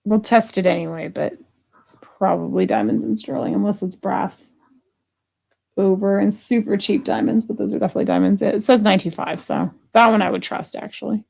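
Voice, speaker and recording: A woman's voice: medium pitch, fairly even intonation, moderate pace, gravelly, darkish tone, husky. A woman hosting a live jewelry sale, chatting casually and thinking aloud as she prices pieces, with the odd grumble. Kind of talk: casual live selling chat.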